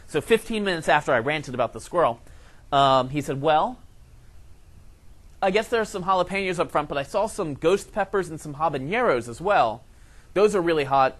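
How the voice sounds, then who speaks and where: A man teaching a science lesson, telling a comic story in an animated way with acted-out quotes. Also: a little high, a little fast.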